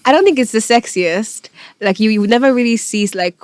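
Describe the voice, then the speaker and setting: A woman's voice: on the high side, a little fast, dry recording. A young woman from Nigeria, with a Nigerian accent blended with British, chatting casually as a podcast guest and acting out the voices she quotes. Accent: Nigerian with a British overlay. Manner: animated storyteller, acts out quoted voices. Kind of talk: casual chat.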